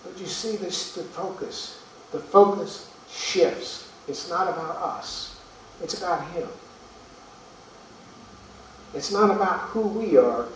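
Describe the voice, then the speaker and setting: Preacher heard from afar in an echoey hall. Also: male voice, high-pitched, takes it slowly, long pauses, a little hiss or hum. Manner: earnest, rhetorical questions, repeats words. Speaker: pastor. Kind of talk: sermon. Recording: echoey room from far off.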